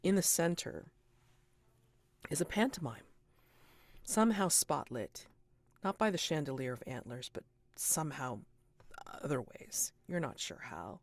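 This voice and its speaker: Game master, woman: slow, deliberate narration, hushes for suspense, dry close mic. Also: low-pitched, lively intonation, no room sound. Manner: deliberate, unhurried, dropping to a hush for suspense.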